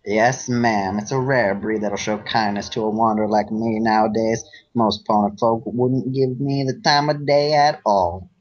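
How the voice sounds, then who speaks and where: A Southern-accented male pony wanderer drawls his way through polite, flirtatious small talk, as a man puts him on. The voice sits fairly low and folksy. The sound is dull and lo-fi. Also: steady tone, a little slow, few pauses. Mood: folksy charm.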